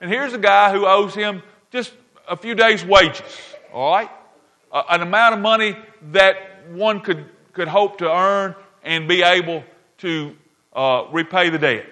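A pastor retells a parable in a high, pushed, bright voice, speaking a little slowly. His delivery is emphatic, with key phrases repeated and regular "all right?" check-ins with the audience.

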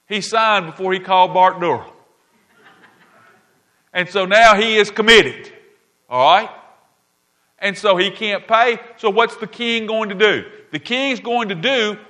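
Preaching a sermon in a high, sharp voice, a pastor recounts a parable with emphasis. He hammers home key lines through repetition and keeps asking his listeners "all right?"

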